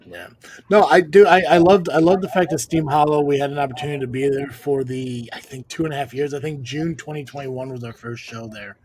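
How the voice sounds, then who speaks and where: A man's voice: mid-range voice, fairly even intonation, fairly quick, darkish tone. A young man hosting a casual podcast chat, laid-back, muttering asides under his breath. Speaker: podcast host and wrestling promoter.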